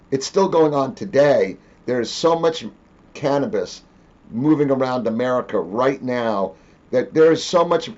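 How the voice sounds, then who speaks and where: A man hosting a casual interview tells his stories with energy and acts out each voice in the dialogue. His voice has an average pitch, and the recording sounds a little dull and muffled. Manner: animated, acts out quoted dialogue. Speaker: interview host.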